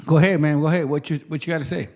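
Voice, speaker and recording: A man hosting a casual livestream, his voice sitting a touch above the usual male range. He rambles in a loose, profane way, often dropping to a low mutter before picking back up. The tone is relaxed and unscripted. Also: very fast. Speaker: livestream host.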